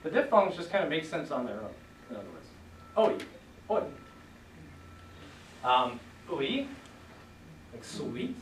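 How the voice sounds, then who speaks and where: A man teaching a class, relaxed, leading students in repeating sounds. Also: on the high side, a little slow, long pauses, a little hiss or hum. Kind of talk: classroom lesson. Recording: echoey room, voice from far off.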